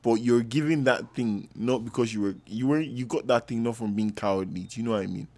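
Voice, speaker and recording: A man reacting to a football match as a fan, loud and trash-talking, with bursts of shouting. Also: medium pitch, fast talker.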